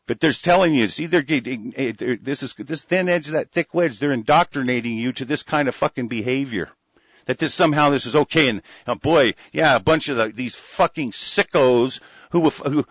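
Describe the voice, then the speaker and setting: A man's voice: medium pitch, no echo. A man ranting angrily in a profane commentary, cursing heavily and stumbling over restarts. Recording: dull lo-fi recording.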